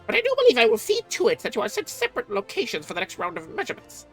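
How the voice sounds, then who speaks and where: A haughty, sharp-tongued scholar from a video game, speaking in a high voice that leaps all over the place. The delivery is crisp and disdainful, as if everyone around is beneath her notice. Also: huge pitch swings, rapid-fire, faint music behind. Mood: condescending.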